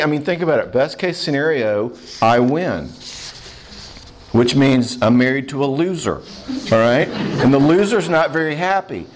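A man giving a humorous marriage seminar talk, animated and often checking in with "all right?". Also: mid-range voice.

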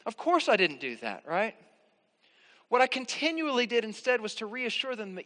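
Male pastor, high voice, earnest reassuring sermon delivery, emphatic rises. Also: very animated, moderate pace, a bit bright, long reverb tail.

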